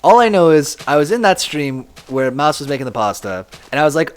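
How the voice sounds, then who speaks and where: Chatty young male streamer, lively voice. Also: brisk, hardly any pauses. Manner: chatty and self-deprecating, laughs often, lively swings in pitch. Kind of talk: casual live-stream chat, reading chat aloud.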